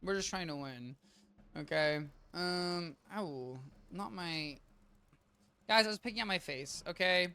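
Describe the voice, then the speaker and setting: A man streaming a game, chatting casually with viewers in a rambling, self-interrupting way, a little tired and low on energy. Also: measured pace, sharp tone, smooth. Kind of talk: casual live-stream gameplay chat. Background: game music.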